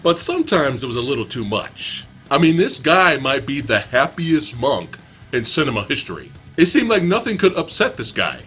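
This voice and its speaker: A man's voice: mid-range voice, sing-song, normal speed, fairly bright tone, faint music behind. A young man giving a casual, profane, sarcastic movie review.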